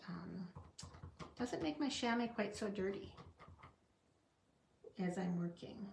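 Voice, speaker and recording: A woman talks slowly through a card-stamping tutorial, her voice a little gravelly. She chats to herself as she works, in an echoey room with a faint hiss behind her. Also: medium pitch, darkish tone. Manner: chatty, talks to herself while working, small laughs. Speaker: card-making demonstrator.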